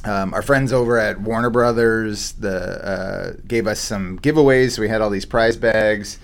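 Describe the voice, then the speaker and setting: A man's voice: lowish voice, measured pace. A man who runs a comic shop, telling loose rambling stories on a casual podcast with plenty of fillers and the odd swear.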